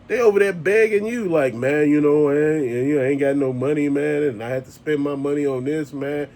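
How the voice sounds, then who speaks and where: A man's voice: fairly high pitch, a little hiss or hum. A man hosting his own show, ranting bluntly and emphatically with heavy profanity. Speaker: host. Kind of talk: ranting monologue.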